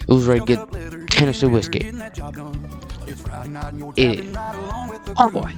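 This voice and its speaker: A man's voice: medium pitch, moderate pace, pauses often, over music. A young man from Texas, giving rambling, jokey commentary in a casual video and often breaking off mid-sentence. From Texas, USA. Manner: rambling, jokey, self-interrupting. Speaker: video creator.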